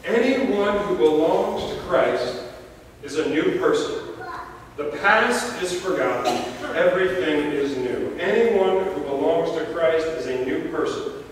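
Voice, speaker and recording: Man pastor, sermon, slightly high voice, storytelling with pauses, big echoing church hall, distant mic. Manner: storytelling preacher with jokes and dramatic pauses. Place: church sanctuary. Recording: echoey church hall from far off, faint noise.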